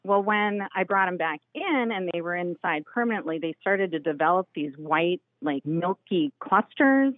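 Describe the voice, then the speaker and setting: A friendly, chatty woman with an Upper Midwest American accent calls in to a radio show. Her voice sits fairly low, and it comes over a tinny, dry phone line. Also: expressive, normal speed, hardly any pauses, dry recording. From Minnesota, US. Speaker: caller.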